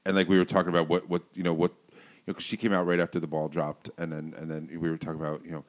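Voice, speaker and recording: A man, a DJ guest, chatting casually and telling rambling, animated stories. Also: sits low, rapid-fire. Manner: rambling, trails off, animated storytelling. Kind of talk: casual chat.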